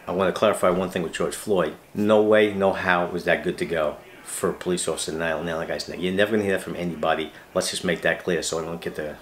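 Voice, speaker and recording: A man's voice: low voice, a bit bright, echoey room, slight background noise. A middle-aged man, a retired police officer hosting his fishing channel, ranting emphatically with rhetorical questions and repeated words. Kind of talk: ranting monologue to camera.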